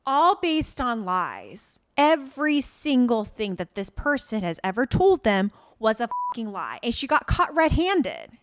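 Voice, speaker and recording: A woman's voice: fairly high pitch, very animated, a little slow, few pauses. A woman co-hosting a podcast, chatting casually and acting out scenes with quoted lines and swearing. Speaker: podcast co-host. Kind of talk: casual chat recapping a drama.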